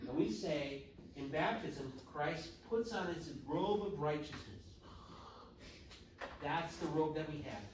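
Man, church class teacher, fairly high voice, lively delivery, echoey room, distant mic, background noise. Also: takes it slowly. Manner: animated, acts out story voices. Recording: echoey room from far off, noisy.

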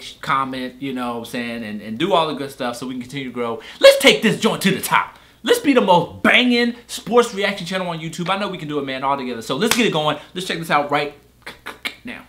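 A young man hosting a sports reaction channel, talking casually in slang and ending phrases with "man", bursting into loud exclamations and laughter as he watches. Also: a little high.

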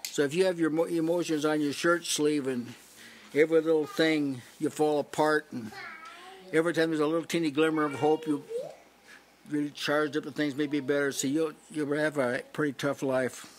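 A man delivers a sermon in a conversational teaching tone, pausing to restart his thoughts and asking his listeners to see his point. His voice sits a little high for a man. He talks to a small gathering in a house church. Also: fairly even intonation, slight background noise. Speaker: preacher.

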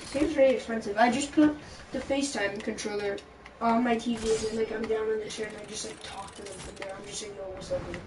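Woman, high voice, rambling, giggly, casual gaming chat, echoey room off the mic. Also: fairly even intonation, fast talker, recorded from a distance, background noise. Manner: rambling, giggly, acts out little dialogues.

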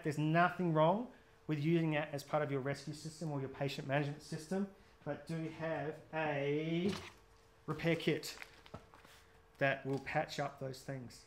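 Chatty New man teaching outdoor safety. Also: on the high side. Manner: chatty, jokey, quizzes the audience. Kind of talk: live gear workshop talk.

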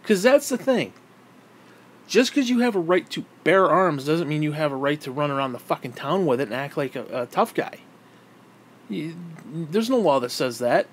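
A man's voice: fairly high pitch, expressive, normal speed, slight background noise. A man giving a heated, exasperated political rant to camera, swearing freely. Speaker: vlogger.

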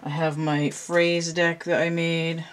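A woman's voice: low-pitched, flat delivery, slow pace, a little hiss or hum. A woman hosting her own channel, explaining a card layout in casual, rambling talk with many fillers and restarts. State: slightly out of breath. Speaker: channel host and tarot reader. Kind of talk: casual show-and-tell talk to camera.

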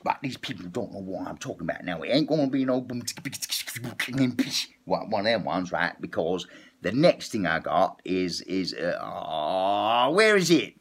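A man's voice: low-pitched, sing-song, normal speed, breathy edge. A man doing a rambling, profane comic rant as a vlogger, repeating a drawling catchphrase. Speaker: comedy vlogger. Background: epic background music.

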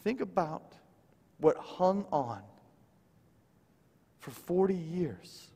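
Preacher in a reverberant church hall. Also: male voice, on the high side, lively intonation, slow pace, creaky, long pauses. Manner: dynamic, swings from loud emphasis to hushed quoted lines. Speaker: guest preacher. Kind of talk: sermon storytelling. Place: church sanctuary.

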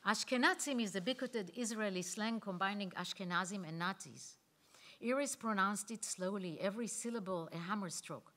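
A woman and conference speaker reading her own memoir aloud, measured and reflective, with pauses. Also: medium pitch, a bit bright.

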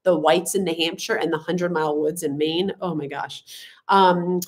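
A woman's voice: on the low side, fairly even intonation, moderate pace. Congested, sniffly woman chatting. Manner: chatty, many fillers and restarts. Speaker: channel co-host. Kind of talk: live-stream chat reading viewer comments.

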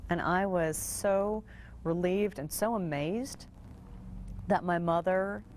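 A woman telling her own story in an interview, quick and halting, acting out quoted dialogue. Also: lowish voice, a little mellow, slight background noise. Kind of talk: personal storytelling.

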